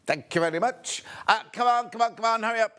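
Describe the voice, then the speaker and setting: A man from the West Midlands of England hosting a live shopping show from a TV studio, talking in a chatty, rambling way with hurried asides. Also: extremely high pitch, sharp tone, clear, resonant tone. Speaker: shopping channel host.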